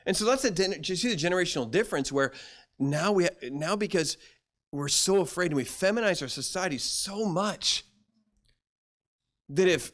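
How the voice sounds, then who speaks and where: A man's voice: high-pitched, expressive, unhurried, long pauses, fairly bright tone. A middle-aged male pastor preaching a sermon in a folksy storytelling way, acting out quoted voices.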